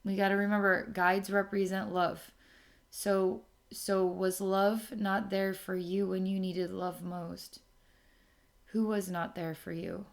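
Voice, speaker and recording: A woman giving a channeled spiritual reading to someone, speaking softly and often checking in with "okay?". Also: mid-range voice, little pitch movement, vocal fry. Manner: slow, soft, repeats okay to check in. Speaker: spiritual intuitive reader.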